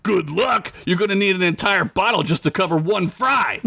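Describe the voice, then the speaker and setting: A man's voice: sits high, normal speed, vocal fry, sharp tone, slightly rough, no echo, pitched above the performer's own voice, heavily acted. A man voicing a big, rude male orc who sneers in a blunt tirade, while reading a comedic story aloud. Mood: scornful.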